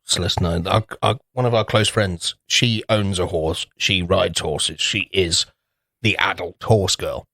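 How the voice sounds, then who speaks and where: A man's voice: deep voice, steady tone, unhurried, pushed and bright, no room sound, studio quality. A man co-hosting a podcast in casual chat, rambling through anecdotes, swearing freely and acting out little voices. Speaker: podcast co-host.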